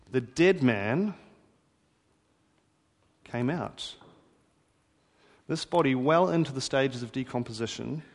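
A man preaching a sermon in a conversational, wry storytelling manner. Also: mid-range voice. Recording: hall reverb.

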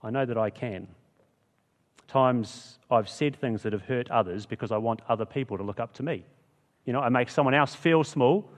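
A man's voice: mid-range voice, normal speed, big-room sound. A man preaching a sermon in a chatty, conversational way, often asking the listeners rhetorical questions. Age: adult with school-age kids.

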